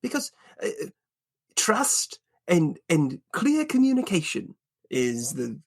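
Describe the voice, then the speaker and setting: Casting: a player doing an eager, fussy male adventurer, animated voice, talks around in circles. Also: medium pitch, slow pace, full character voice. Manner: flustered, rambling, chatty.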